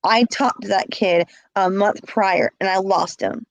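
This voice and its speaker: Speaking a little slowly in a steady, mid-range voice, a middle-aged woman gives an impassioned personal account as an interviewee. She keeps repeating herself and acts out the calls she quotes. There's no room sound, but the recording is rough.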